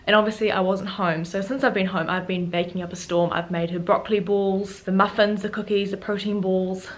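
A teenage girl vlogging casually, chatty and quick, turning earnest and close to tears as she speaks her mind. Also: medium pitch, steady tone. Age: teens. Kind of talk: casual day-in-the-life vlog and rant.

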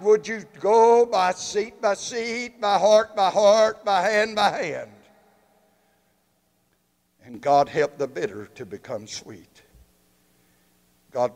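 Fervent Southern pastor in echoing church. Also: male voice, fairly high pitch, vocal fry. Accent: Southern American. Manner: fervent preaching with sudden swells and drops in loudness. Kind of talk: sermon and prayer. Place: church sanctuary. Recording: long reverb of a church hall.

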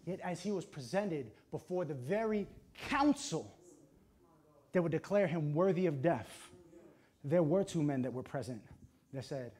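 Male pastor, high-pitched voice, impassioned sermon delivery, hushed-to-loud swings, dramatic pauses. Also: lively intonation. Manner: dramatic pauses, short emphatic phrases.

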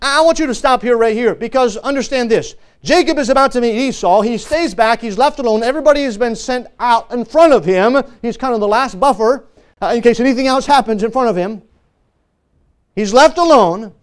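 A man with a very high-pitched voice delivers a sermon from the pulpit. He preaches emphatically, pressing hard on key words and then dropping suddenly into a hush. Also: brisk, clear, resonant tone. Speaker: pastor. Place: church service.

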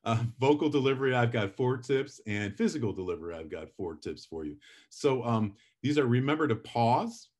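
A man's voice: mid-range voice, lively intonation, moderate pace, darkish tone. A middle-aged man teaching public speaking in a live lecture, chatty and self-deprecating, acting out his examples with drama.

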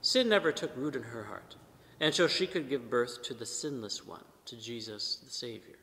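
A man preaching a sermon at Mass as a priest, measured, with emphatic rises and soft trailing endings. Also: medium pitch, expressive. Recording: long church reverb.

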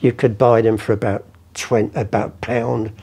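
Gravelly older man telling stories. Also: on the low side, level tone, normal speed, mellow. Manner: rambling, swears, acts out the people in his stories. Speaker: guest. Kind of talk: casual anecdotal storytelling.

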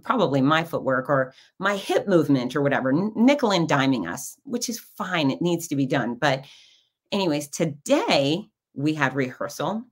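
A middle-aged woman with a low voice hosts her own podcast, delivering a relaxed, chatty monologue full of stories. She often acts out what the people in them said, with lively quoted asides.

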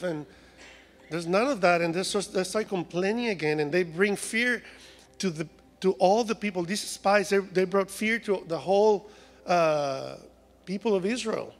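A man's voice: high voice, measured pace, big-room sound. A man from Mexico with a Mexican Spanish accent, preaching a humorous sermon in a church. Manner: humorous, acts out voices of complaining people. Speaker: guest preacher. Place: church sanctuary.

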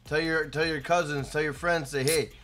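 A man's voice: a little high, steady tone, moderate pace, over music. A young man live-streaming a game, chatting casually and hyping up his chat by name. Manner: hyped, shouts out chat names.

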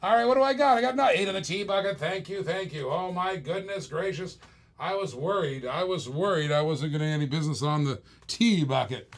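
A man running a live toy car auction on a stream, rattling off bids in a running patter. His voice sits a little higher than most men's, and he keeps up easy banter with the chat as he works. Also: animated, a little fast.

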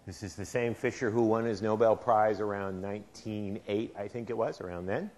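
A man's voice: on the low side, steady tone, moderate pace, a little mellow, a little hiss or hum. Casting: male chemistry professor, lecture hall, chatty and quizzing the class. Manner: asks the class questions, conversational. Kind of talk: university lecture.

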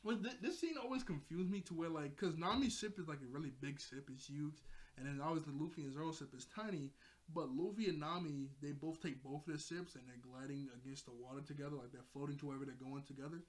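Young guy chatting at home in his chair, kinda high voice, rambles and repeats himself. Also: fast. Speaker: anime episode reviewer. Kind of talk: casual chat. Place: home room, seated in a chair.

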